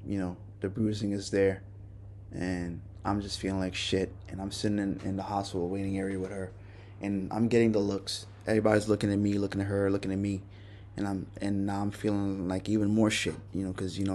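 A male podcast host telling a personal story in a halting, remorseful way, often restarting his sentences. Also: low voice, little pitch movement, a little mellow, a little hiss or hum. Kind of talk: personal confession monologue.

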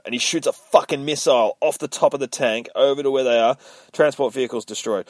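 A man's voice: medium pitch, fast talker, dry recording, clean studio sound. A man hosting a podcast, casually recapping a comic book with profane jokes. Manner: profane, joking, lively. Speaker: podcast host.

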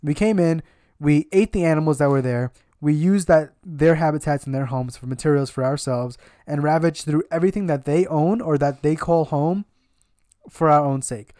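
A woman's voice: low-pitched, moderate pace, dark tone, no room sound, studio quality. A woman chatting casually as co-host, joking and swearing freely. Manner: jokey, swears freely, slips into put-on street voices. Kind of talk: casual chat.

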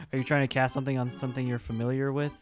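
A man's voice: mid-range voice, over loud music. Laid-back man running a tabletop game. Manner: laughing often, relaxed, halting with fillers. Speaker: game master.

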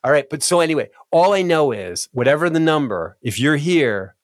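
A man hosting a casual podcast conversation, telling stories with animated restarts. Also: fairly high pitch, brisk, no room sound, clean studio sound. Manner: animated, self-interrupting storyteller. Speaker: podcast host.

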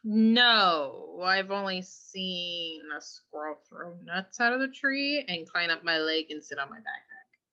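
A woman's voice: lowish voice, lively intonation, a little slow, bright, forceful tone. A young adult woman co-hosting a casual podcast, telling stories in a chatty way and acting out quotes with little squeals. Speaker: podcast co-host. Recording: dull lo-fi sound.

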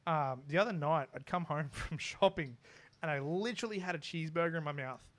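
A man's voice: fairly high pitch, fairly quick. A young man, telling a funny story in casual chat and acting out his neighbours with laughs. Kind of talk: casual anecdote.

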